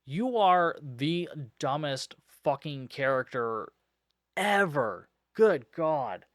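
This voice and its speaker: A man's voice: fairly high pitch, very animated, slow, a bit bright, no echo, studio quality. A man hosting a podcast, recapping a film in a casual, sarcastic and exasperated way, swearing constantly. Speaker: podcast host reviewing a film. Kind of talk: casual profane movie recap.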